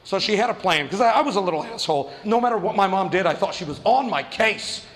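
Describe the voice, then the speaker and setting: A man's voice: sits high, animated, fast, a bit bright, in a large hall, slight background noise. A man from New Mexico doing stand-up, telling a story with profanity and self-mockery and acting out the other people in it. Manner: profane, self-mocking, acts out voices. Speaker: stand-up comedian.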